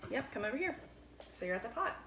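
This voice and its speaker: Upbeat mom host, kids' science vlog, higher register; roomy kitchen sound with audible noise. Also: female voice, sing-song, fast. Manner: cheerful, patient step-by-step instructions. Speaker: mother hosting a kids' science video. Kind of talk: casual instructional chat to kids. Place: home kitchen. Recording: echoey kitchen with clear background noise.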